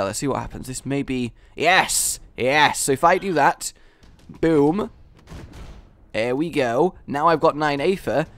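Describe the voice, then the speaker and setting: A young man hosting a gaming video, giving excited play-by-play commentary with loud triumphant outbursts. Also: medium pitch.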